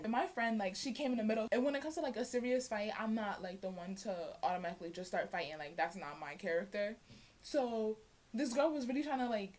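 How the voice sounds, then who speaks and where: A young woman vlogger telling a storytime tale in a casual, animated way, acting out the voices of the people in it. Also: medium pitch, fast talker. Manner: animated, acts out quoted voices. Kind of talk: storytime vlog.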